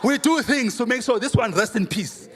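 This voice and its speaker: A man, a pastor preaching a sermon with humorous, animated storytelling and rhetorical questions. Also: very high-pitched, moderate pace. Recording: reverberant hall, faint room noise.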